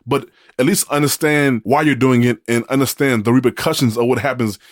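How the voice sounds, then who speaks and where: A man's voice: medium pitch, steady tone, brisk, dry recording. Rambling male podcast co-host, dry sound. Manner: rambling storyteller with many restarts, jokey. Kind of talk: casual chat.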